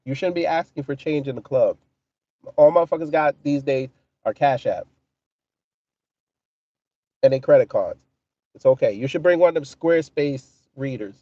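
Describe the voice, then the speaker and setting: A man's voice: on the high side, normal speed, long pauses, dark tone, no echo, lo-fi sound. A man hosting a casual livestream, talking in a profane, mocking way and answering his chat. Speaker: livestream commentary host.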